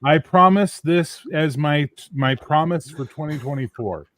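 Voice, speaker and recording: A man's voice: on the high side, a little slow, fairly bright tone, no echo. A man joking and teasing his friends in a casual group chat.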